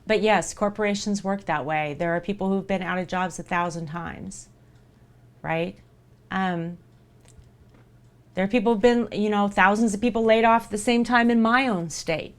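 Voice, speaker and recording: A woman streaming live and speaking straight to her community. Her voice sits at an ordinary middle pitch, and her delivery is earnest and reassuring. She keeps coming back to the same words to drive her point home. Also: clear, resonant tone. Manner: earnest and reassuring, repeats for emphasis. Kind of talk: live-stream chat to viewers.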